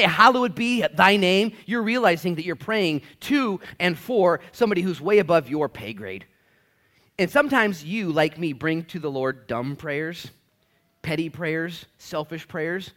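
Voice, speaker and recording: A man's voice: on the high side, fairly bright tone. A man preaching a sermon, casual and conversational, acting out little asides as he teaches. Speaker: pastor. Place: church.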